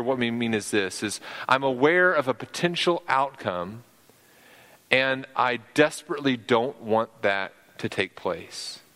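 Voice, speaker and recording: A man's voice: medium pitch, a bit bright, in a large hall. A male pastor preaching a sermon, earnest and often repeating words as he works through a point.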